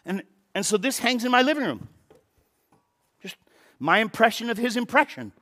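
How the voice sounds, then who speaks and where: A man preaching a sermon as pastor, animated, with rhetorical questions and repeated words as he starts his sentences. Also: very high-pitched, normal speed.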